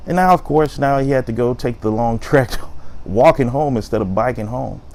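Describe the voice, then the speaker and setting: Lively man telling a story. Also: medium pitch, normal speed, vocal fry. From South Side of Chicago. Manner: lively storyteller, acts out quotes. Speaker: host. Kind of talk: storytelling talk.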